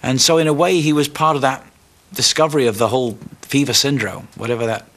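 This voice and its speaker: A man being interviewed, telling stories about his past in a reflective, unhurried way. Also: medium pitch, fairly even intonation, a bit bright. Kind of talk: reminiscing interview.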